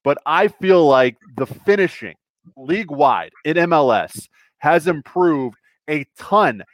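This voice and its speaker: A man co-hosting a podcast, talking soccer in a hesitant, halting way. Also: a little high, animated, dry recording. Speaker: podcast co-host. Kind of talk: casual soccer chat.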